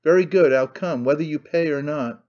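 A man's voice: on the high side, normal speed, darkish tone, muffled recording, lightly acted. A man voicing a commanding middle-aged midwife who asks clipped, peremptory questions.

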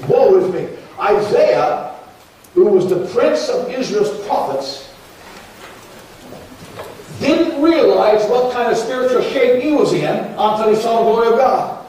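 A pastor preaches a sermon in church in an extremely high-pitched, animated voice with a darkish tone, speaking a little slowly and pausing often. He is earnest and repetitive, his words rising into pleading prayers. Captured from a distance in an echoey church, the audio has faint ambience and a little hiss or hum.

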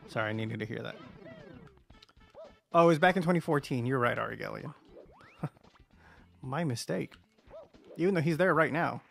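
A man's voice: mid-range voice, lively intonation, moderate pace, gravelly, pauses often, a bit bright, faint music behind. A man casually commentating as he plays a video game on a livestream, joking around and greeting viewers. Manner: goofy, joking, chatting to viewers. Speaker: streamer.

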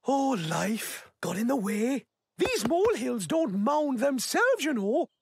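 Shy wistful mole guy, slow and dry, music under. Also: high voice, very animated, gravelly, breathy edge, no room sound, exaggerated voice. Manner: fussy, self-deprecating, rambling. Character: timid wistful male mole, older and gentle.

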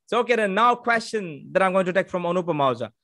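An upbeat male host keeps a live online session moving, greeting viewers and reading out names. His voice sits a touch high, coming through a video call. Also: animated, fast talker, fairly bright tone. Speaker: moderator.

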